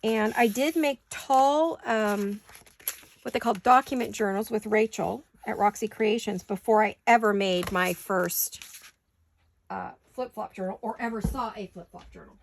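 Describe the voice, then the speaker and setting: A woman's voice: mid-range voice, unhurried, creaky, slight background noise. A woman hosting a crafting channel, chatting casually and rambling as she works at home, with the hiccups. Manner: chatty, rambling, self-correcting. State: has the hiccups. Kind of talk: casual crafting tutorial chat.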